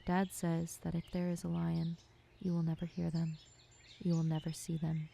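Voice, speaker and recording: Hushed, mellow woman narrating poetry. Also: fairly low pitch, monotone, vocal fry, a little hiss or hum. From United States. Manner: slow, measured, hushed, with occasional whispers. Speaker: filmmaker narrating her own work. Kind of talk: poetic scripted narration.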